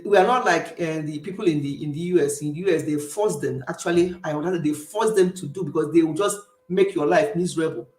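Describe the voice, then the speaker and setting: A woman's voice: low voice, quick pace, hardly any pauses, darkish tone, roomy sound. A middle-aged Nigerian woman with an Igbo accent, casually chatting and reading comments for her livestream viewers. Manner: chatty, emphatic, laughs often. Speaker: livestream host. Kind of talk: casual chat with live viewers. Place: home in the UK.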